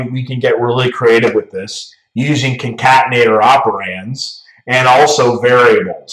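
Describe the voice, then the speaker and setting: A man's voice: mid-range voice, a bit bright, distant mic. Casual man teaching code, echoey room. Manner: casual, talks through steps, tags "right?". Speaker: programming instructor. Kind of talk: screen-recorded coding lesson. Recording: roomy echo, voice off-mic.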